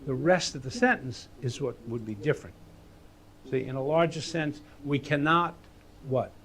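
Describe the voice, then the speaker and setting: A man teaching writing in a casual, animated way, acting out voices as he explains. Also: medium pitch, moderate pace. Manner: animated, acts out voices and hums melodies.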